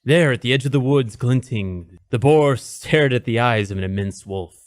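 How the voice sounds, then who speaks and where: A man's voice: mid-range voice, moderate pace, dry recording, studio quality. A man reading a fairy tale aloud in a dramatic, mock-solemn storybook style. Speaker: narrator. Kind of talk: storybook narration, comedic.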